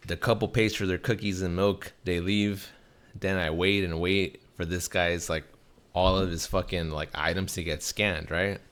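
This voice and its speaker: A young podcast host with a low-pitched, clean-toned voice tells a casual story at a moderate pace, swearing heavily and animatedly acting out the people in it.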